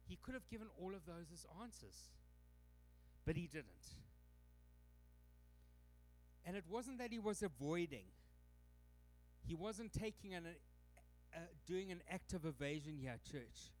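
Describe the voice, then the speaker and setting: Man, Canadian accent, pastor, lively sermon, high voice. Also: unhurried, pauses often. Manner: animated preaching, acting out quoted voices.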